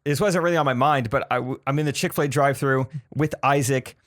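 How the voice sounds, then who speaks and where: A man co-hosting a casual podcast, telling a story with a dry, deadpan delivery. His voice sits at an ordinary middle pitch, and he lets the jokes land without pushing them. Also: fast. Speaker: podcast co-host. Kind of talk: casual chat.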